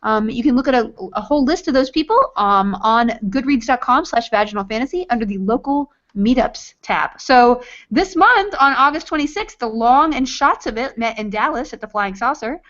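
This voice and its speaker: A woman's voice: fairly high pitch, lively intonation, normal speed, hardly any pauses, a bit bright. A woman hosting an online book club hangout, chatty and casually announcing meetups with playful asides over a video call. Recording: dull lo-fi video call audio.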